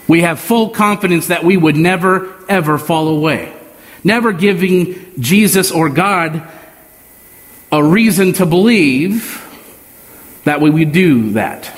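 A male preacher delivers a sermon in a slow, measured way, leaning on pauses for emphasis. His voice sits a little high for a man. The sound carries a long reverb, as if from a church hall.

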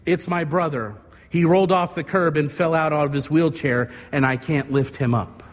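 A man's voice: fairly high pitch, steady tone, normal speed, lightly acted. A man acting out a frightened, apologetic young boy who pleads tearfully for help, heard with long reverb. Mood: pleading.

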